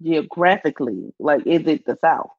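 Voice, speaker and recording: امرأة بصوت منخفض قليلاً وتسجيل جاف باهت. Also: female voice, sits low, expressive, moderate pace, no echo. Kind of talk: casual chat. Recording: dull, very dry sound.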